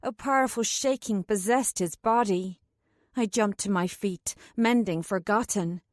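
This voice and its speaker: A woman's voice: medium pitch, unhurried, no room sound. A woman narrating a first-person fantasy audiobook in a tense, urgent way, close to a studio mic.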